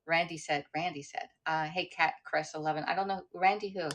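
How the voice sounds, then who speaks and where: A woman's voice: deep voice, fairly even intonation, brisk, a bit bright. A middle-aged woman hosting a casual livestream, talking in a rambling, chatty way full of fillers and restarts. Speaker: livestream host.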